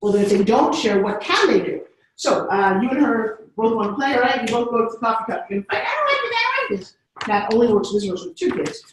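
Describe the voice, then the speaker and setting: The voice of a middle-aged woman who tells stories with lively energy, slipping into little voices as she goes. It sounds very echoey, as if she is standing well away from the mic in a big bare room. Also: a little high, fast talker, hardly any pauses, distant mic, a little hiss or hum. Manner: animated, acts out voices. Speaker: speaker. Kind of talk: storytelling talk.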